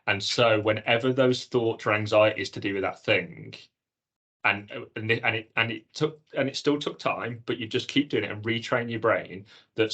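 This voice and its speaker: Earnest man, lowish voice. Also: dull audio. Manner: earnest, animated storytelling with acted-out inner dialogue. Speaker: podcast co-host. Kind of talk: casual chat.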